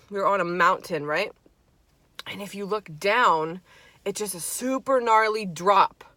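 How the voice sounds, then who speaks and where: A young woman vlogger telling a spooky story in casual chat, animated and swearing freely. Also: mid-range voice, no room sound. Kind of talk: casual storytime while eating.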